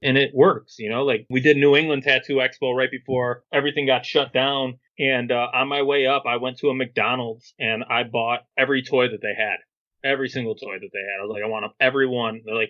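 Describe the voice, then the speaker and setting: A man chatting loosely on a podcast, with a bright, forceful voice. He swears, drops slang and acts out what people said. The audio is a bit dull and lo-fi. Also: medium pitch, fairly even intonation, a little fast. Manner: laid-back, swears, slangy, acts out quotes. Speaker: guest, clothing brand owner. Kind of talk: casual storytelling interview.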